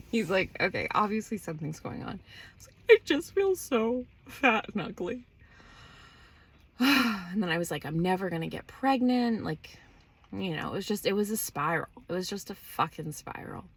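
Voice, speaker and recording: A woman's voice: fairly low pitch, lively intonation, normal speed, fairly bright tone, husky. A woman podcast host candidly recounting a personal story in casual, profane speech and acting out the dialogue.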